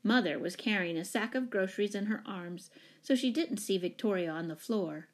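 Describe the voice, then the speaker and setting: Woman calmly reading a children's story. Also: medium pitch, normal speed. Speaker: narrator.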